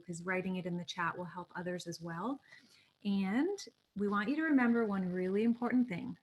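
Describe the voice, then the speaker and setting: A woman hosting a live online coaching masterclass on a video call, encouraging and quick to laugh. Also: mid-range voice, low-quality recording. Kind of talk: live webinar presentation.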